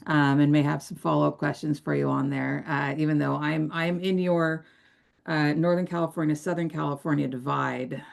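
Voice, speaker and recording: A woman's voice: deep voice, fairly even intonation, moderate pace, gravelly. A woman hosting and wrapping up a webinar, friendly and peppered with uhs. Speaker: webinar host. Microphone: video call.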